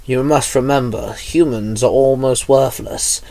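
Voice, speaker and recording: A man's voice: medium pitch, fairly even intonation, a little slow, gravelly, dark tone, dry recording. A man voicing a haughty falcon-headed male sun god who talks down to humans in a storybook reading. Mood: lofty. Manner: lofty, condescending.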